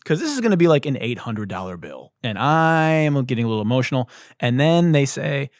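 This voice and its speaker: A man's voice: mid-range voice, very animated, fairly quick, no room sound, clean studio sound. A man hosting a podcast, telling stories in a loose, joking, profane style. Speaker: podcast host. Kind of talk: casual comedic monologue.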